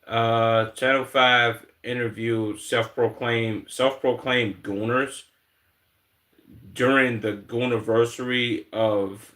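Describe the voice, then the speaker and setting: A man's voice: medium pitch, fairly even intonation, slow pace, pushed and bright. A man with a Chicago accent streaming and reacting to clips in blunt, slangy, heavily profane casual talk.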